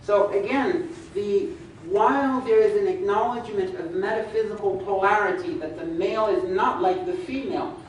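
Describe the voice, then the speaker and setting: A man giving a measured religious lecture, laying out numbered points and reciting scripture in Arabic. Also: high-pitched, a little hiss or hum. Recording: echoey hall, speaker far from mic.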